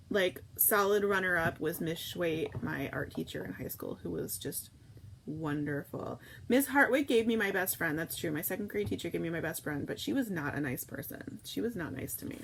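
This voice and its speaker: A woman hosting a casual morning livestream, rambling warmly about her favorite teachers and reading viewer comments aloud. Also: fairly low pitch, vocal fry, slight background noise, low-quality recording.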